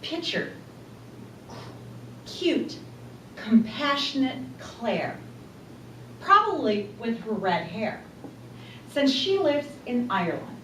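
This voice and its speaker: A woman giving a talk to a small group, speaking deliberately and putting questions to her listeners. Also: a little high, sing-song, a bit bright. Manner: slow, deliberate, rhetorical questions to the audience. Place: room with a small audience. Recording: echoey room from a distance, faint hum.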